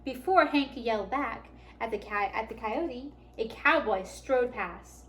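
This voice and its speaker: A woman reading a picture book aloud to children at a library storytime, warm and animated. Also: fairly high pitch, a little slow, hardly any pauses, a little hiss or hum. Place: public library.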